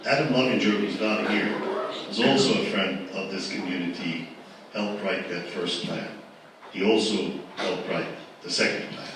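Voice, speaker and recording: Deep-voiced man, forceful, echoey hall. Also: moderate pace. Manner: forceful, repetitive, rhetorical questions. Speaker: panel moderator. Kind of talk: emphatic panel remarks at a live event. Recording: echoey hall from far off, noisy.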